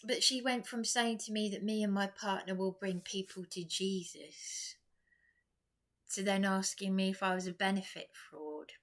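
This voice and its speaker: A woman's voice: medium pitch, steady tone, moderate pace. An exhausted woman vlogger talking in a rambling personal monologue, repeating herself, restarting and dropping to whispers.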